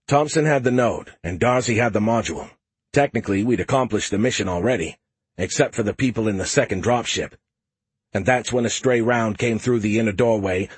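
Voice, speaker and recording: A man narrating a science fiction audiobook in the first person at a steady, measured pace. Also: lowish voice, husky, no room sound.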